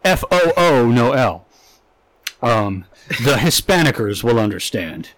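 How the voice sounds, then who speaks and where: A man's voice: medium pitch, slow pace, no room sound. A man co-hosting a podcast, telling crude stories in casual chat, on a dry close mic. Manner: animated crude storytelling. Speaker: podcast co-host.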